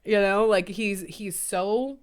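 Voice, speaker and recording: A woman's voice: medium pitch, takes it slowly, smooth. A woman co-hosting a podcast, chatting casually and analyzing a film with thoughtful asides. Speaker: podcast co-host. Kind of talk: casual chat.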